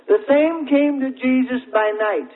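A man preaching a sermon, telling folksy everyday examples and asking drawn-out, emphatic questions. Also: extremely high pitch. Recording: tinny, narrow-band old recording.

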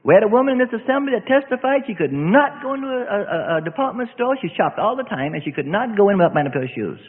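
A male preacher giving an emphatic sermon in a church assembly hall, often breaking in with "see?". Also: extremely high pitch. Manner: emphatic, repetitive, keeps asking "see?". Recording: echoey hall, tinny phone-like sound.

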